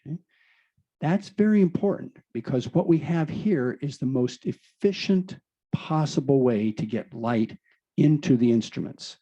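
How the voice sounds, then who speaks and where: Man with a dark, husky voice presenting. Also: medium pitch, lively intonation, a little slow, muffled recording. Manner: enthusiastic, explains with rhetorical questions. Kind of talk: explanatory presentation.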